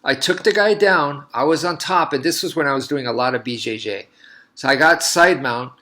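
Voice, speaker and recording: A man's voice: fairly high pitch, normal speed, bright, forceful tone. A man, a martial artist, talking casually and telling a long story in a loose, rambling way with many restarts.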